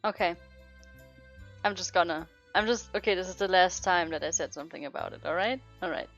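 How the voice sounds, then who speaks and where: A woman's voice: on the low side, fairly quick, a bit bright, soft background music. A woman streaming a romance game, reading the story aloud and chatting casually with frequent giggles and self-interruptions. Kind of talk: casual let's-play commentary and read-aloud.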